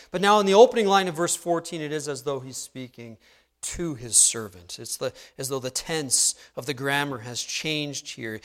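A man preaching an expository sermon, asking his listeners questions and swinging between loud emphatic proclamation and hushed, slow solemnity. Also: mid-range voice. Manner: asks the congregation questions. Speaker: pastor.

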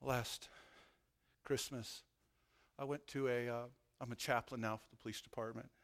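A middle-aged man, a police chaplain, preaching an emotional testimony that swells to loud, fervent peaks. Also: medium pitch, flat delivery, normal speed. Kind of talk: sermon testimony.

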